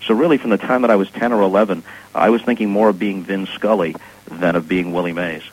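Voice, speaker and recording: A man's voice: low-pitched, fairly even intonation, fast talker, darkish tone, slightly rough, low-quality recording. A middle-aged man, a sportscaster guest, telling stories and giving opinions in a casual, articulate way with dry humor, heard over a radio broadcast. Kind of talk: casual interview chat.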